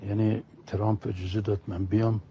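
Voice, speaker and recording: Sarcastic iranian tv guy, low and gravelly, talks super fast. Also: flat delivery, mellow, slight background noise. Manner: sarcastic, joking delivery. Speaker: television guest. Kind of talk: mocking talk on a state TV broadcast.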